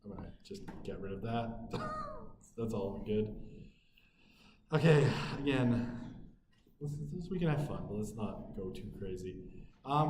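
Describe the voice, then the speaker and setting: Male lecturer, relaxed chatty delivery full of "you know", in a reverberant classroom with faint background hum. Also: medium pitch. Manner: conversational, frequent "right?" and "you know" tags. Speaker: university lecturer. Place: university lecture room. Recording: echoey room with faint ambience.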